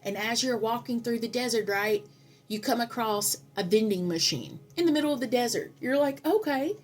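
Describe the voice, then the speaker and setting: A woman giving a spiritual tarot reading, earnest and preachy, telling stories with dramatic pauses and repeating affirmations. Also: fairly high pitch, slight background noise. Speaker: tarot reader.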